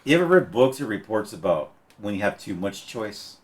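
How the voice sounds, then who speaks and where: Podcast guest: very low American male voice, lively swings, blunt and crude stories. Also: moderate pace, slight background noise. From United States. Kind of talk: casual chat.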